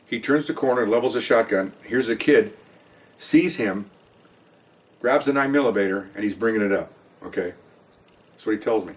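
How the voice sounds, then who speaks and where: In a fairly low voice at normal speed, broken by long pauses, an older veteran cop rambles through a story from his time on the job. He acts out what people said in this casual, animated account, recorded a bit away from the mic.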